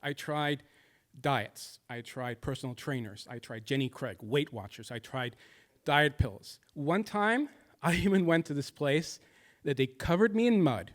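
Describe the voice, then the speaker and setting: A man's voice: fairly high pitch, unhurried. A man in his thirties telling a personal stand-up story, confessional and shifting between jokes and somber moments. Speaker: stand-up comedian.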